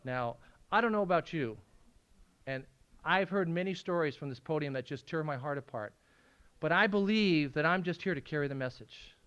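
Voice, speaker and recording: A man sharing his recovery story at a meeting, swinging from hushed, tearful moments to loud laughing outbursts. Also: on the high side, lively intonation, normal speed, clean tone, dull audio. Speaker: AA speaker. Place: meeting room at a school.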